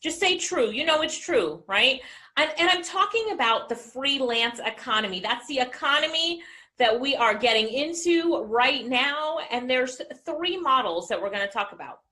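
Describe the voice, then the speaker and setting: A woman business coach giving an energetic motivational talk and asking the audience questions. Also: high voice, normal speed.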